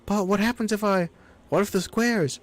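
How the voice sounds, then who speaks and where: A man voicing a small frightened child hero in a game playthrough, speaking in a high anxious pleading voice. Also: moderate pace, close to an everyday voice. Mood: worried.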